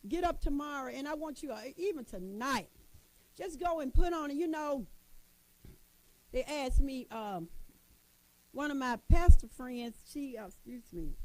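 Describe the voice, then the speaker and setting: Folksy high-voiced woman urging listeners on. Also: lively intonation, unhurried, pauses often, poor audio. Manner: folksy and emphatic, repeats phrases, calls listeners honey. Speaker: motivational speaker addressing women. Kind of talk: motivational talk.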